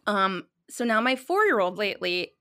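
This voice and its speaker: A woman's voice: mid-range voice, very animated, bright, forceful tone, no room sound, clean studio sound. A woman in her thirties, a podcast co-host telling stories in casual chat, laughing often. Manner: chatty, laughing storyteller, quick asides.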